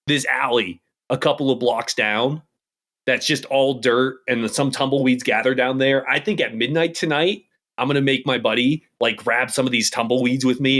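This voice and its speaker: A man's voice: mid-range voice, a bit bright. A man co-hosting a casual chat show, telling a long, rambling story. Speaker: co-host.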